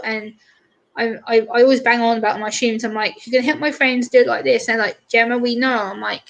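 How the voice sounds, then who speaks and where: Chatty woman, slightly high voice. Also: brisk. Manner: chatty, animated retelling with lots of quoted voices. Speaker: streamer guest. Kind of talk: casual chat on a live stream.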